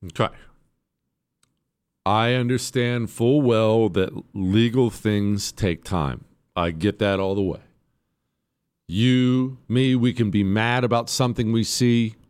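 A man hosting a radio talk show, giving opinionated political commentary in an emphatic, sarcastic way, often jumping into high mocking voices. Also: a little slow, a little mellow, clean tone.

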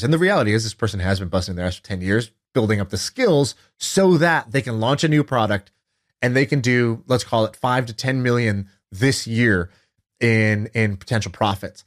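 Animated man telling a story. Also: medium pitch, normal speed. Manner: animated storytelling, acts out quoted voices. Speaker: podcast co-host. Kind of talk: casual chat.

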